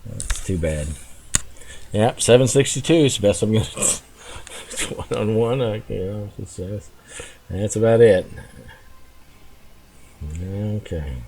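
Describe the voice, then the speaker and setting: A man giving relaxed, rambling commentary while playing a game, chuckling and restarting his thoughts as he goes. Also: lowish voice, slow pace, gravelly, pauses often, a little hiss or hum. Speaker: gameplay commentator. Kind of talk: casual gameplay commentary.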